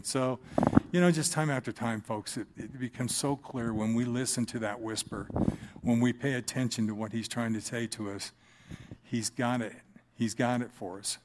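A man's voice: medium pitch, steady tone, normal speed, heavy background noise. A man giving an earnest, conversational personal testimony from the front of a church congregation, with touches of dry humor.

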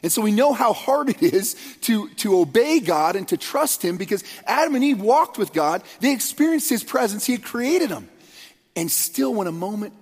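A man's voice: high voice, very animated, moderate pace. A man giving a conversational, earnest sermon as a pastor, with frequent fillers and restarts. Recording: long hall reverb.

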